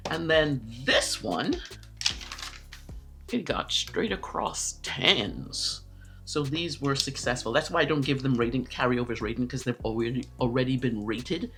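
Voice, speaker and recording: A woman's voice: very deep voice, a little slow, soft background music. A woman talking casually to camera about her pens and inks, chatty and rambling, often correcting herself. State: out of breath. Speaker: pen and ink vlogger.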